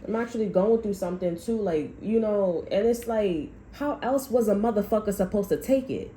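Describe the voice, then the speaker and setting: A woman's voice: mid-range voice, moderate pace, dark tone, a little hiss or hum, poor audio. A woman tarot reader delivering a blunt, heavily profane, heated rant about what spirit is telling her. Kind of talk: channeled reading rant.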